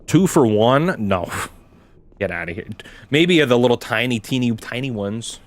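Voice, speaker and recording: A man's voice: medium pitch, animated, moderate pace. A young man, chatting casually while he plays a game, rambling and swearing, with lots of "like" and "dude". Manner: rambling, swears a lot, says "like" and "dude" often. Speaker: gaming streamer. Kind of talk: casual gameplay chat.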